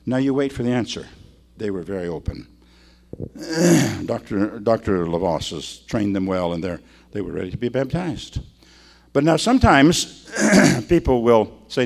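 A man's voice: medium pitch, lively intonation, moderate pace. Folksy older man preaching with stories. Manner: folksy, conversational, acts out the people in his stories. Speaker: pastor. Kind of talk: sermon with storytelling.

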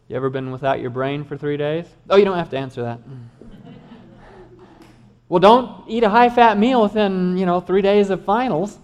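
A man with a notably high voice delivers a health lecture as a doctor. He is middle-aged and animated, dropping joking asides to the crowd between points. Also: normal speed, pauses often, lo-fi sound. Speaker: doctor giving a health talk.

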